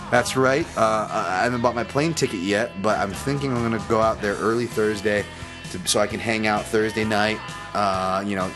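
Low voiced dude rambling on his podcast, curses a lot, restarts sentences all the time. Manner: rambling, swears freely, frequent restarts. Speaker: podcast host, fight analyst. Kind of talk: casual solo podcast talk.

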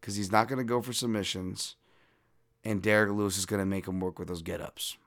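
A man hosting a fight podcast, breaking down bets in a profane, animated and self-deprecating way. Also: fairly low pitch, a little fast. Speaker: podcast host and fight analyst. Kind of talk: casual betting-podcast breakdown.

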